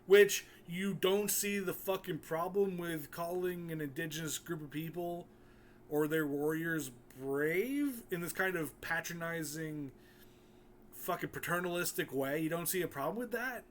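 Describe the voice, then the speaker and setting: Angry high-voiced man ranting. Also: a little slow, a little hiss or hum. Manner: angry, swears constantly. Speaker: video commentator. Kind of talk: profane ranting commentary.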